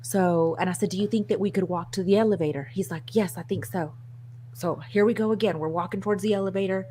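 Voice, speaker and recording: A woman co-hosting a casual chat show, telling a story in an animated, self-mocking way and laughing often. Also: mid-range voice, quick pace, slight background noise. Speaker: co-host.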